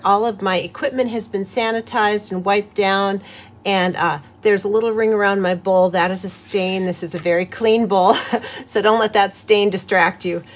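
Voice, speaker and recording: A middle-aged woman hosting a home craft tutorial, chatty and cheerful, talking through each step as she works. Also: medium pitch. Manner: cheerful and chatty, with soft laughs. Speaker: host of a soap-making channel.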